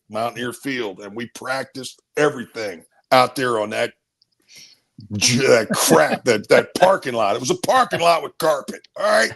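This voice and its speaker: Gravelly middle-aged guy from maryland telling football stories, acts out voices, medium pitch. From Maryland, USA. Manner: animated storyteller who acts out other voices. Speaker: former college football player, interview guest. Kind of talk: casual storytelling.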